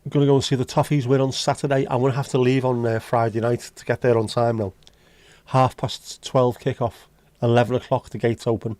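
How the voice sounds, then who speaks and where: Scouse bloke on a livestream, mellow voice, blunt and sweary, dry close sound. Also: male voice, mid-range voice, flat delivery, brisk, no echo. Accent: Liverpool (Scouse). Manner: blunt, sweary banter with chat. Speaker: livestream host. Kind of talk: casual live-stream chat.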